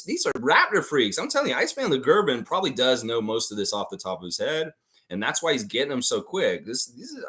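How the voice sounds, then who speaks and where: A man hosting a live trivia stream in a casual, excitable way, reading out chat names and answers. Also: mid-range voice. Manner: excitable, breaks into loud whoops and laughs, reads chat names.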